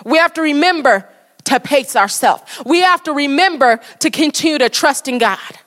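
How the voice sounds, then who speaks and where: Woman preaching, high voice, keeps hammering the same lines, fired up. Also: animated, moderate pace, a bit bright, long reverb tail. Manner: fervent, repetitive exhortation. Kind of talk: sermon.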